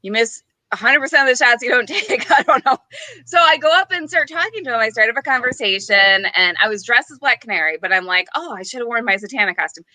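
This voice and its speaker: Woman co-host, bright lively anecdote teller, laughs through lines. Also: on the high side, fast talker, dry recording. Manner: giggly, acts out quotes, many restarts. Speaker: podcast co-host. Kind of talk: casual chat, animated storytelling.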